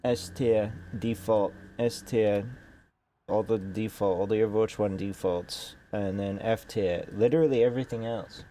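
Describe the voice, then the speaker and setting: Young male streamer, congested, sarcastic rambler; slow, dark tone. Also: on the low side, steady tone, slight background noise. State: congested nose. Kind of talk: casual gaming commentary.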